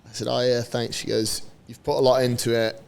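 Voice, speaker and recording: A man's voice: mid-range voice, level tone, a little fast, vocal fry, smooth. A man in a podcast interview, telling a story in a casual way. He laughs often, swears and acts out what others said. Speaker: podcast guest.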